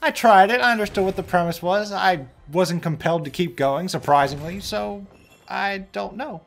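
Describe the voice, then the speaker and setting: A woman's voice: medium pitch, moderate pace, creaky, faint music behind. A woman chatting casually about video games, making wry joking asides and hedging her opinions. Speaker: let's play co-host. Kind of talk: casual gaming chat.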